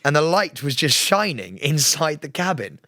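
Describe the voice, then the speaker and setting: A lively young British man with a bright, high-ish voice, full of laughter as he spins a story on a podcast. His pitch leaps all over the place, and the sound is close and dry. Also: normal speed, dry recording. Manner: animated, laughs often, acts out quotes. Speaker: podcast co-host. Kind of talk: casual storytelling chat.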